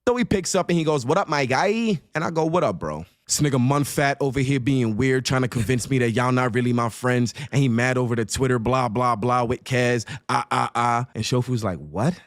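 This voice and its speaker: A man's voice: medium pitch, steady tone, fairly quick, few pauses, dry recording. Guy in his 30s ranting about a friend, cussing, mocking voices, dry sound. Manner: profane, mocking, acts out other people's lines. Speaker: streamer telling a story. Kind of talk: angry storytelling rant.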